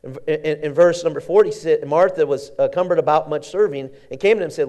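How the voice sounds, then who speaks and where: A man preaching a sermon in an animated, conversational way, often repeating words as he goes. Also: fairly high pitch, fast, hardly any pauses.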